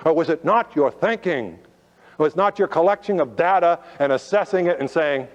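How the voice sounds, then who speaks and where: A man's voice: high-pitched, moderate pace. A man giving a motivational talk to a live audience, firing rhetorical questions and drawing out his key phrases. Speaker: motivational speaker. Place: auditorium. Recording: lo-fi recording with long hall reverb.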